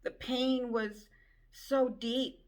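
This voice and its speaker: A woman giving an emotional personal testimony, speaking in a halting, tearful way. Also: fairly high pitch, fairly even intonation. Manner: slow, halting, tearful storytelling.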